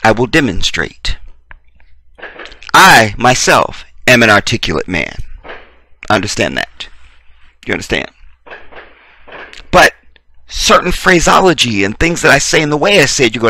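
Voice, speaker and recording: A man holds forth in a preachy commentary, his pitch swinging widely. His voice is bright and forceful, and the sound is dry and close. He swears freely and talks straight to his audience. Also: expressive, moderate pace, long pauses, dry recording. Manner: emphatic, profane, addresses listeners directly. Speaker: video commentator.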